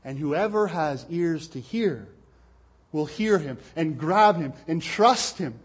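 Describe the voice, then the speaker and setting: Male preacher delivering a sermon, slightly higher voice, earnest, repeats words for emphasis. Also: lively intonation, takes it slowly, husky. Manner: earnest, repeats words when stressing points.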